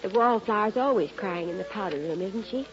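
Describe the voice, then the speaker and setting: A woman's voice: mid-range voice, expressive, brisk, lightly acted. An actress playing a bashful, self-pitying woman in her forties who has been crying, in a 1940s radio drama. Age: 40s. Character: tearful bashful middle-aged wife at reunion. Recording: dull old radio recording with music and crowd.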